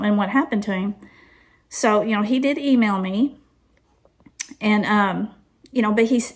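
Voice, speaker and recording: Chatty woman, slightly high voice. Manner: chatty, many fillers, laughs at herself. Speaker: channel host. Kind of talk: casual chat, then reading a viewer's letter aloud.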